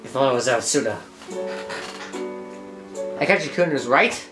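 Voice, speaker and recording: A woman's voice: very deep voice, expressive, normal speed, roomy sound. A woman giving chatty let's-play commentary, often stumbling over her words as she reads game lines aloud. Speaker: gameplay commentator. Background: game music.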